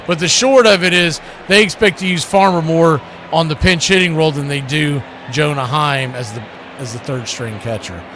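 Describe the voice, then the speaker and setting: A man calling baseball play-by-play live as host, chatting opinions between pitches. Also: moderate pace, fairly bright tone, a little hiss or hum.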